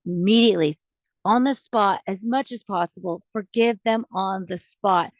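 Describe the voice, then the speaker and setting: A woman's voice: mid-range voice, normal speed, no echo. A woman hosting a podcast, giving casual advice in an earnest, rambling way that often stops and restarts mid-sentence. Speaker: podcast host. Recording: dry, dull lo-fi recording.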